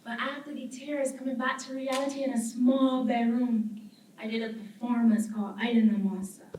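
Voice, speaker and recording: A Barbadian woman, likely in her thirties, gives a public lecture in a lecture hall as a guest artist, her voice fairly high, steady and darkish at a moderate pace. She tells her story animatedly, acting out what people said. The mic is distant in a roomy hall with faint room noise.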